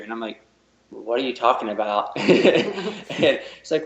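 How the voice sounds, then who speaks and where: A man's voice: mid-range voice, lively intonation, normal speed. Rambling man telling a story, echoey room. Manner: rambling, repeats words, uses lots of fillers. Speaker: podcast guest. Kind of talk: casual interview storytelling. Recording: roomy and dull, lo-fi.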